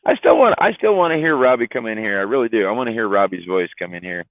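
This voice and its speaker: This livestream host sounds worn out, yet his lowish voice is animated and fast as he rambles, jokes and laughs through a casual chat. There's no room sound, just thin, phone-like stream audio.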